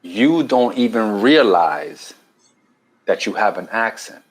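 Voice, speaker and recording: A man's voice: fairly low pitch, very animated, takes it slowly, poor audio. A man from New York with a New York accent, a guest on a podcast who explains things at length, restarting words and checking in with "right?". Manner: explanatory, repeats words and says "right?" often. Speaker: guest, keto challenge coach. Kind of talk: casual podcast conversation.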